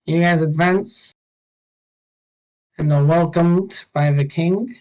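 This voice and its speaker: A man narrating as dungeon master in a tabletop game, pausing often with ums and uhs. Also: a little high, fairly even intonation, darkish tone, rough recording. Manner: unhurried, halting, with many ums.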